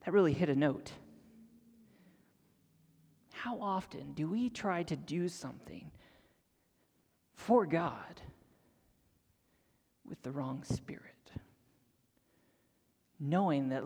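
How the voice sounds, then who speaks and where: Young male preacher, high-pitched, dramatic and intimate delivery, recorded in a big hall with long reverb. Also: takes it slowly, long pauses, slightly rough. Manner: dramatic storytelling, dropping to near-whispers and rising to excited high voices. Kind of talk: sermon.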